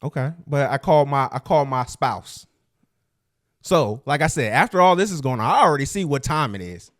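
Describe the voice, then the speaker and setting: A man co-hosting a casual podcast, telling a long story in a relaxed way and jumping up loudly when indignant. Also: medium pitch, fairly quick. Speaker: podcast co-host.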